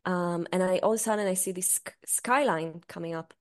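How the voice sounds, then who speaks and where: A woman's voice: lowish voice, fairly quick. A young woman co-hosting a podcast, telling stories in casual chat, swearing freely and laughing often. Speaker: podcast co-host.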